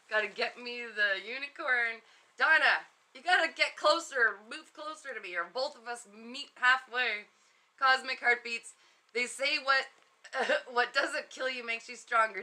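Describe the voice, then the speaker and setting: A woman with a high, bright voice chats unhurriedly on her livestream, reading viewer comments aloud and breaking into giggles again and again. Her delivery is loose, playful and unscripted. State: muffled inside an inflatable costume at times. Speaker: psychic livestream host. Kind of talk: casual livestream chat.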